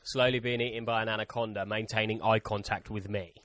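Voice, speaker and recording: A man's voice: lowish voice, steady tone, brisk, fairly bright tone. A man co-hosting a casual podcast chat, teasing his friends and swearing freely. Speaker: podcast co-host.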